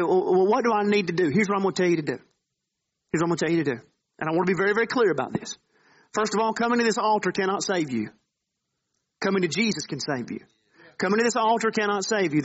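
A man's voice: sits high, muffled recording. A man preaching a sermon in a church, pleading with his listeners in earnest, repetitive appeals. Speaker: pastor. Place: church sanctuary.

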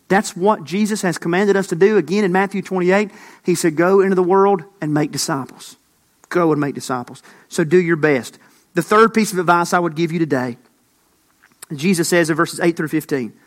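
A man preaching a sermon as a pastor, emphatic, lifting his voice for quoted lines. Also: high voice.

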